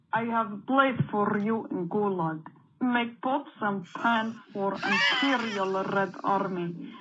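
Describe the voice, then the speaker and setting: A woman caller putting on a mock-menacing Russian accent and broken English, on a dull lo-fi voicemail line with faint noise. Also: medium pitch. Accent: put-on Russian. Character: gruff Soviet-style Russian woman taunting rivals.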